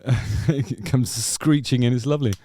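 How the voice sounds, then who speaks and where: A man's voice: medium pitch, normal speed. A man hosting a music channel, reacting to songs in a rambling, hesitant casual commentary full of ums.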